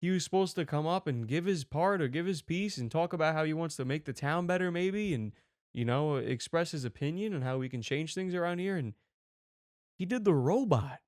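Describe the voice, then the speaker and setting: A man's voice: a little high, lively intonation, fairly quick, darkish tone, no room sound, close to an everyday voice. Worn-out board member, hesitant and rambling as a man puts him on, dry close sound. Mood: flustered. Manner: mumbling, flustered explaining. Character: deflated middle-aged male town official.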